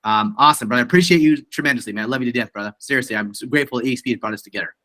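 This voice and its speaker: Upbeat bright-voiced male host. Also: mid-range voice, racing, no echo. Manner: upbeat, effusive praise, says awesome often. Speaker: meeting host. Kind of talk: hosting a team video meeting.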